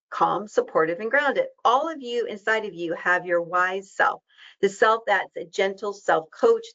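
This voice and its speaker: A woman giving a webinar in a warm, reassuring and conversational way, with casual asides. Her voice sits a little low. The audio is dull and muffled. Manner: conversational with fillers and quick asides. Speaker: diabetes educator leading a webinar. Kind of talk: webinar presentation.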